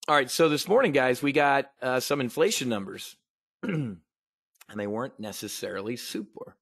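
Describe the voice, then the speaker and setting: A man's voice: medium pitch, lively intonation, moderate pace, a bit bright, slightly rough, no room sound, clean studio sound. A man hosting a market briefing, ranting bluntly and sarcastically, with casual swearing and frequent restarts. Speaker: host of a trading market briefing. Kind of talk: casual profane livestream commentary.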